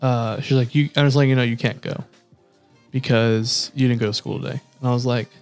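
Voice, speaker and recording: Swearing, animated young man telling stories. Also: mid-range voice, fairly quick, gravelly, faint music behind. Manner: animated storyteller, acts out quotes, swears a lot. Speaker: podcast co-host. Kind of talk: casual chat.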